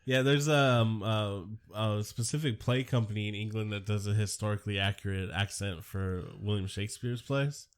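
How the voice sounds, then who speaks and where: A man's voice: lowish voice, steady tone, normal speed, hardly any pauses, clear, resonant tone. A man co-hosting a podcast in casual chat, rambling and swearing, laughing often, sick with a cough. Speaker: podcast co-host.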